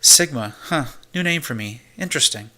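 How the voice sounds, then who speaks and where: Guarded, blunt young woman, plain-spoken, bright voice; read by a man. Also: on the high side, expressive, moderate pace. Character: wary, blunt young woman waking up lost. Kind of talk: audiobook character reading.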